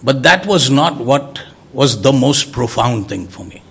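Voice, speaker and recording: A man preaching a sermon, emphatic, swinging from loud exclamations to soft low words. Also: animated, a little slow, gravelly, slightly rough.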